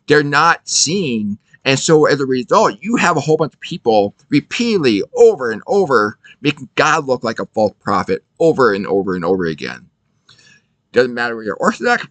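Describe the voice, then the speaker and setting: A man teaching in a casual video, his voice bright and forceful. His pitch rises and falls in a lively way as he drives points home with rhetorical questions. The sound is close and dry, with no room echo. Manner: emphatic, rhetorical questions, repeats himself. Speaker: Bible teacher.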